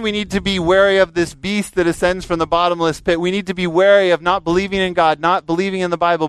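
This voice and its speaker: A man preaching a sermon earnestly, rising to emphatic peaks and dropping to a quiet, prayerful tone. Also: high voice, smooth, no room sound, poor audio.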